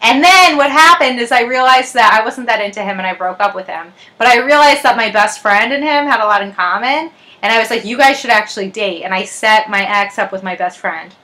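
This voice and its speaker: Bright-voiced young woman podcast co-host. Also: on the high side, brisk, hardly any pauses. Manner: animated, laughs often, tells anecdotes. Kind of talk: casual chat.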